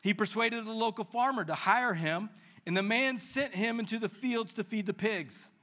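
A man preaching, who reads the scripture with lively dramatic emphasis and leads prayer in a soft, slow voice. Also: sits high. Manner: prays softly and slowly. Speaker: pastor. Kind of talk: sermon with Bible reading and prayer.

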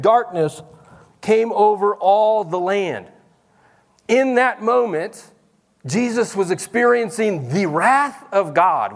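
A man preaching a sermon as pastor in a church service, talking in a conversational way and calling out to the congregation. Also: high voice.

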